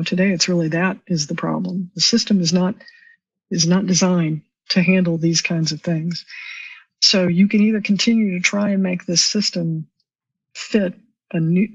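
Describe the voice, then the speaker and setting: A woman's voice: on the low side, slightly rough, no room sound. A woman guest on a podcast, explaining policy at length and in a thoughtful way. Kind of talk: explanatory interview talk. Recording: distant, slightly dull remote recording.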